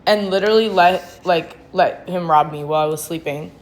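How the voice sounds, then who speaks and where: A woman with a somewhat low voice tells her story in a blunt, foul-mouthed, slangy way. She rambles, restarts her sentences and leans on "like". A faint hum of background noise sits under her voice. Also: moderate pace. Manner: blunt, heavy swearing, slangy. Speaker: vlogger sharing her sobriety testimony. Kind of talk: candid personal storytelling.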